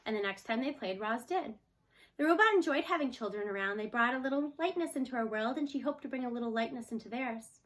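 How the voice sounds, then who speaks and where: Bright-voiced woman reading aloud. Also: on the high side, expressive, quick pace. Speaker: storyteller. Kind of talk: reading a children's book aloud.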